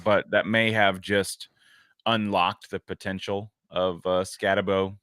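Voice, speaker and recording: A man's voice: sits low, level tone, measured pace, a bit bright, smooth, dry recording, clean studio sound. A man co-hosting a sports podcast, musing wryly with lots of hesitations in casual chat. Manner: rambling, hesitant, wry. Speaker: podcast co-host.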